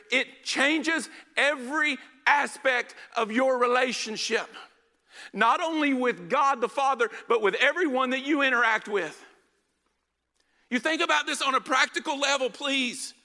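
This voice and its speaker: A man delivers a sermon with an emphatic, urging manner, pressing the congregation for answers. His voice sits high and sounds very bright and sharp. It rings out with a long reverb from a large hall. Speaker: pastor.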